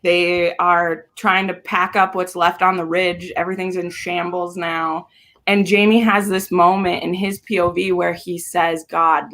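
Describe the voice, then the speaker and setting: A woman hosting a casual live book discussion over a video call, enthusiastic and quick to laugh. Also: fairly low pitch, a bit bright. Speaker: host.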